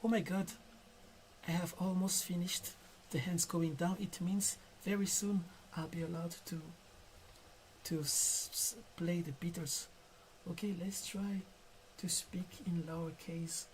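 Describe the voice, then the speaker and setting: Slow, soft-spoken French man. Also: sits high, slight background noise. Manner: soft, calm and careful, stutters at times. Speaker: digital artist live-streaming. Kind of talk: casual live-stream chat while drawing.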